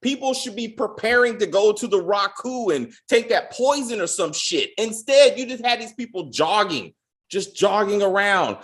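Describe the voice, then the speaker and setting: A man's voice: high-pitched, animated, normal speed. A man hosting a casual spoiler review of a TV episode, ranting in a profane, exasperated way. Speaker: TV show reviewer.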